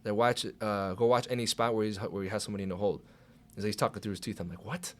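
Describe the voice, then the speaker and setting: A young man, a guest on a casual podcast, who swears freely and acts out his own past thoughts with animated delivery. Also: lowish voice, rapid-fire. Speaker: podcast guest, pro wrestler. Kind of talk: casual chat.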